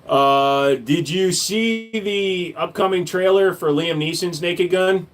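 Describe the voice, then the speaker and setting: A man's voice: sits high, slow pace. A man hosting a casual livestream, reading viewer comments and answering with blunt, profane jokes. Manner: profane, blunt, joking banter with chat. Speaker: livestream host reading chat.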